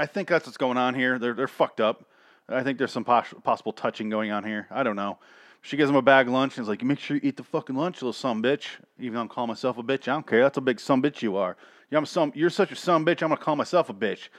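A man's voice: medium pitch, a bit bright, no echo. Sarcastic swearing man reviewing cartoons. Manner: rambling, sarcastic, swears freely. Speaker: show host reviewing cartoon episodes. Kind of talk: casual profane review commentary.

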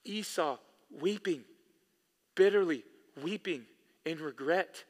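In a church sanctuary, a male pastor preaches a sermon in a slightly high voice at a slow pace. He is emphatic, repeating key phrases for weight, and the big hall gives a long echo.

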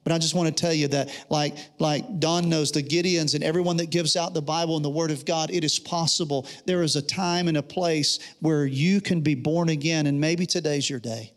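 A man's voice: a little high, fairly even intonation, normal speed, few pauses. A man preaching a sermon, telling a personal story in an earnest way and acting out the dialogue. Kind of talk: sermon testimony.

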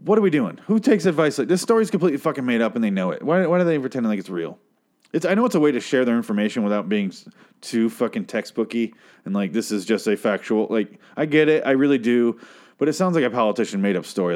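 A man's voice: medium pitch, expressive, quick pace, darkish tone. Exasperated, profane ranting podcast host man. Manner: exasperated, profane, keeps apologizing. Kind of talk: comedic rant.

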